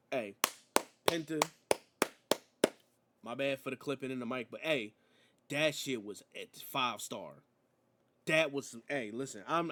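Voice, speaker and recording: A man reviewing a wrestling show in a slangy, rambling, casual chat. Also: medium pitch. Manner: slangy, rambling, animated storytelling.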